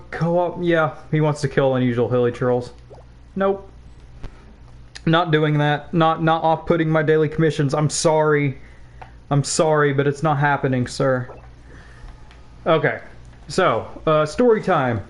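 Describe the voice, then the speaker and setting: A man's voice: on the high side, steady tone, measured pace. A young man of about nineteen, a game streamer, chatting casually and telling a school story while he plays, rambling with swearing and laughing asides. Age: young adult, about 19.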